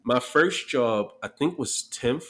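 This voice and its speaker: A man's voice: medium pitch, animated, slow pace, fairly bright tone. A man in his thirties, a podcast guest, telling profane stories in casual chat and acting out the quotes. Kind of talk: casual storytelling.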